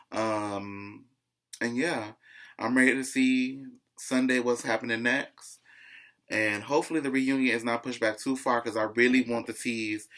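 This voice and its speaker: Man, gossipy casual recap, chatty, mid-pitched voice. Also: a bit bright. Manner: chatty and gossipy, keeps saying "child". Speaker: reality TV recap vlogger.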